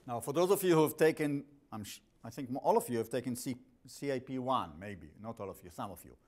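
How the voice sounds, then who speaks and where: A man's voice: mid-range voice, expressive, quick pace, a little mellow. A man with an accent giving a classroom lecture as the instructor, blunt and jokey, often restarting his sentences. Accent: non-native English.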